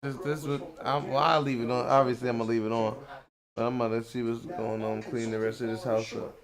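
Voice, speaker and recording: A man's voice: mid-range voice, flat delivery, fairly quick, a crowd in the background. A man hosting a livestream from home, ranting in a heated, profane, repetitive way. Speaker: livestream host. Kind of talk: angry livestream rant.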